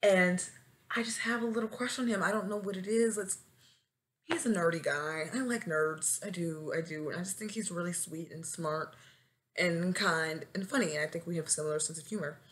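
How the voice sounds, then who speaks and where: A woman's voice: fairly low pitch, moderate pace. A woman in her twenties, a new teacher, chatting casually on her solo podcast and breaking into dramatic comic wails. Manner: dramatic, swings into wailing and shouting for comic effect. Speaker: podcast host.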